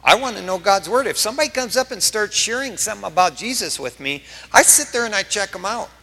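A male pastor preaching a verse-by-verse sermon, emphatic and full of stories, his voice swinging up in excited bursts. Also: high voice, quick pace, in a large hall.

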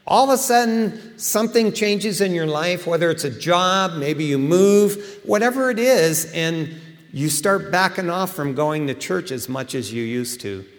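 A middle-aged man preaching a sermon in a casual, animated storytelling way, acting out quotes. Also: high-pitched, long reverb tail. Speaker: pastor.

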